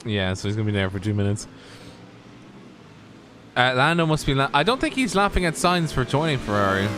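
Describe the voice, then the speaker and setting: A man's voice: medium pitch, very animated, fairly quick, background noise. A man co-commentating a sim racing stream, opinionated and jokey. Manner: opinionated, jokey, laughs at crashes. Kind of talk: live race commentary chat.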